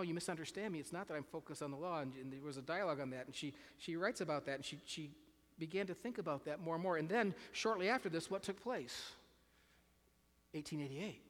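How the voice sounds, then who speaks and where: A man preaches a sermon earnestly, often repeating words and putting questions to his listeners. His voice is a little high with a fairly bright tone. The recording has the reverberance of a hall.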